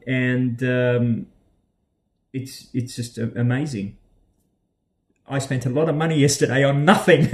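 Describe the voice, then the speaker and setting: In a laid-back vlog, an Australian man drifts from one point to another, hesitating often with ums and uhs and restarting his sentences. His pitch is ordinary and mid-range, with a slightly mellow quality.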